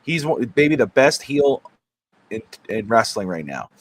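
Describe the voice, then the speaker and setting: Male co-host, casual live-stream chat, animated fan energy, medium voice, dry recording. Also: medium pitch, unhurried, dry recording. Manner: excited storyteller, many fillers. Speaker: sports talk show co-host.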